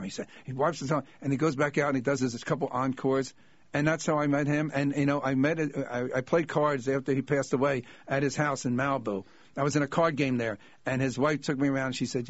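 A male comedian telling anecdotes in an animated way, acting out the people in his stories. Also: mid-range voice, brisk, no room sound, lo-fi sound. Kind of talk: anecdotal storytelling.

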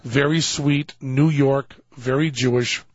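A man hosting a talk show, telling a long comic anecdote in an animated way and acting out other people's lines. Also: mid-range voice, takes it slowly, no echo. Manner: animated storyteller, acting out quoted voices. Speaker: radio show host telling a story. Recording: dull lo-fi dry studio sound.

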